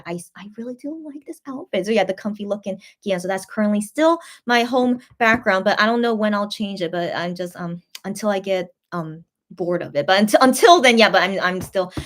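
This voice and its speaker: A woman's voice: mid-range voice, brisk, few pauses. A woman hosting a casual livestream, chatting in a rambling, gushing way and reading viewer comments aloud. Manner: gushing and easily moved. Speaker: host.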